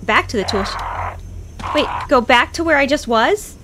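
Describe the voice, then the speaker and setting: Young woman streaming a game, high-ish voice, chatty and jumpy, faint hiss behind. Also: lively intonation, normal speed. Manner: chatty, talks to viewers, often panicked and shrieking. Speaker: gaming streamer. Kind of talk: casual gameplay commentary.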